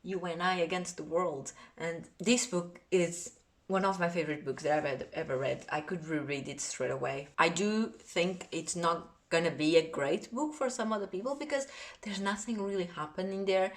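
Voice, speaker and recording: A woman with a Portuguese accent talks through books in a casual vlog, earnest and chatty. Her voice sits low, and she often trails off mid-thought. She is recorded on a phone or camera set on a tripod. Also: normal speed. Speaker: book vlogger.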